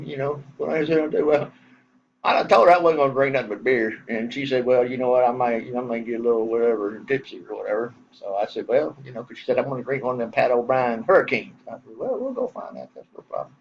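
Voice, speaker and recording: A man's voice: medium pitch, steady tone, quick pace, gravelly, a little mellow, a little hiss or hum. Middle-aged Texan man, casual folksy storyteller, slightly muffled recording. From Southern US. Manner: rambling, folksy, swears casually. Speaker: vlogger telling a story.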